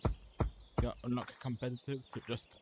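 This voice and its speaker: Young guy, casual game walkthrough, clipped offhand listing, mid pitch, heavy background noise. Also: level tone, moderate pace. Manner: reads out menu items in short bursts, offhand. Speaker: gameplay reviewer.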